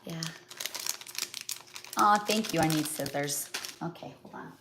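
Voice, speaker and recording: Middle-aged mom chatting away on a live cooking stream, lots of ums and side stories. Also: female voice, sits low, a little slow, noisy background. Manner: chatty and rambling, many fillers and asides. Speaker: cookbook author hosting a live cooking stream. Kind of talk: casual live cooking chat.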